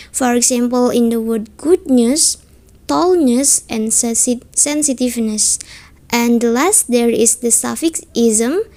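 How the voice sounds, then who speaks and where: A young woman from Indonesia, reading a student class presentation carefully, with halting self-corrections. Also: a little high, darkish tone. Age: young adult.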